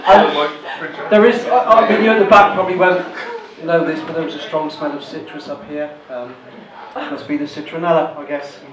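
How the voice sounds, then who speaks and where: Crude comic on a club stage. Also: male voice, a little high, a little fast. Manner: crude, teasing the crowd, swearing. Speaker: stand-up comedian. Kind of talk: stand-up comedy set. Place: small club gig with a laughing crowd. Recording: roomy hall taken from far off, loud noise.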